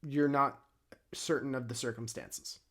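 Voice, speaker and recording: A man's voice: medium pitch, steady tone, measured pace, a bit bright. A man running a tabletop game as dungeon master, describing scenes in a laid-back way with many fillers.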